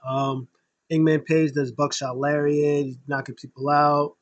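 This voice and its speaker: Man, fairly high voice, casual wrestling recap, rambling and emotional, dry close sound. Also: level tone, measured pace, no room sound, highs cut off. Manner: rambling, filler-heavy, emotional fan talk. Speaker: wrestling show reviewer.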